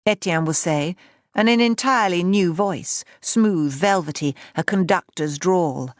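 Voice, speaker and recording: Low-voiced woman narrating an audiobook. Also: moderate pace, no room sound, clean studio sound.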